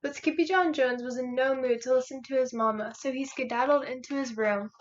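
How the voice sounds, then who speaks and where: A teenage girl in her late teens reading a children's picture book aloud with a lively, rhythmic delivery. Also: high voice, a little fast, a little hiss or hum. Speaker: volunteer reader. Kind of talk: children's storybook read-aloud. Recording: muffled lo-fi recording.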